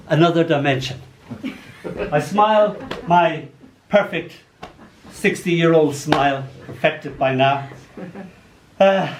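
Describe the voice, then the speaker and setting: A man in his sixties with an Irish accent, telling playful stories between poems at a live poetry reading. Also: a little high. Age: 60s. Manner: playful storytelling, animated comic asides. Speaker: poet. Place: arts venue hall before a live audience. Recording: roomy hall, faint background noise.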